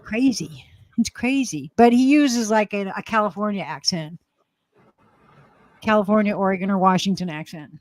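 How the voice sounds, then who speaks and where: A woman's voice: medium pitch, normal speed, no echo. A woman from Alabama with an Alabama accent, chatting casually on a livestream, rambling, laughing often and swearing now and then. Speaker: livestream co-host. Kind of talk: casual chat.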